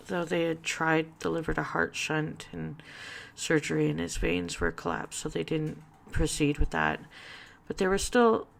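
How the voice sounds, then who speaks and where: A woman speaking haltingly about grief in a personal vlog, with many fillers and restarts, close to tears. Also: low-pitched, gravelly. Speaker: vlogger.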